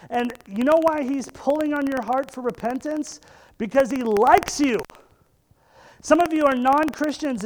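High-voiced man in his thirties preaching. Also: poor audio. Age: 30s. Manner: emphatic preaching, repeating phrases for stress. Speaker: pastor. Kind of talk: sermon.

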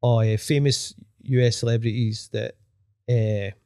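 A man's voice: mid-range voice, fairly even intonation, unhurried, warm tone, clear, resonant tone, no echo, clean studio sound. A middle-aged man with a Glaswegian accent, telling stories in a rambling way, full of restarts and swearing. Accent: Glaswegian Scottish. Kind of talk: casual podcast chat.

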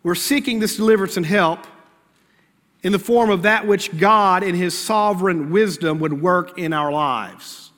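Bright-voiced male pastor preaching in a reverberant hall. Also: high-pitched, a little slow. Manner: conversational preaching, acts out prayers and asides. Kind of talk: sermon.

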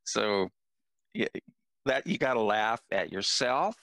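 A man's voice: on the low side, lively intonation, slow pace, fairly bright tone, no echo. An older man in casual conversation, a self-deprecating storyteller who jokes his way through anecdotes.

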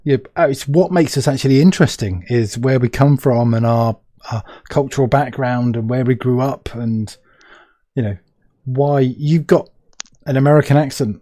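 A man's voice: medium pitch, moderate pace, dark tone, no echo, clean studio sound. A man from the UK hosting a casual interview over a video call, rambling and interrupting himself as he talks. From United Kingdom. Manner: rambling, self-interrupting, chatty. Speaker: podcast host.

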